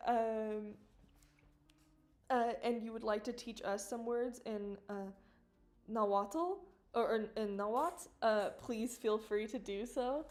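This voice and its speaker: A woman chatting casually on a live stream about her own work, animated and swearing, with mock outrage and quick laughs. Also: fairly high pitch.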